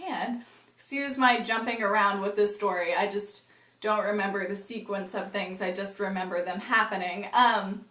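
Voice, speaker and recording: A woman's voice: a little high, bright, forceful tone. Chatty young woman, echoey room. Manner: rambling, frequent "like" fillers and swearing. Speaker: vlogger. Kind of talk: casual storytime.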